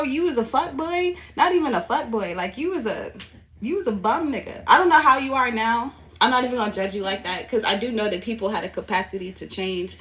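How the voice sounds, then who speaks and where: A woman in her late twenties hosting a tarot livestream, telling stories in an animated, cursing, laughing way. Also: on the high side. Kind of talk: casual livestream chat. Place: home, indoors.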